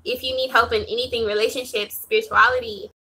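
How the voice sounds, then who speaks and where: A young woman talking casually to camera about spirituality, loose and chatty, with lots of "um"s and soft laughs. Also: a little high, steady tone, fast talker. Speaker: spiritual reader vlogger. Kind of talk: casual talking-head vlog.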